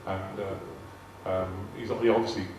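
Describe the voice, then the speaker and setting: A low-voiced older man with a West Country accent spins chatty, amused stories for a live audience. His voice rings around a big hall, picked up from a distance with a faint hiss underneath. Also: little pitch movement, slow pace. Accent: West Country English. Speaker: guest speaker answering audience questions. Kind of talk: anecdotal talk to a live audience. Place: large arts hall.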